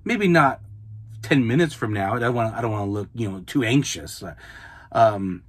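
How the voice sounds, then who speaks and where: A man's voice: fairly low pitch, animated, moderate pace, slightly rough. A man hosting a podcast, giving casual, repetitive, coaching advice straight to his listeners as a mobile notary.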